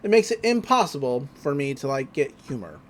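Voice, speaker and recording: A man voicing a humorless male government agent who speaks in a low, flat, quiet monotone. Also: fairly quick. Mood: deadpan.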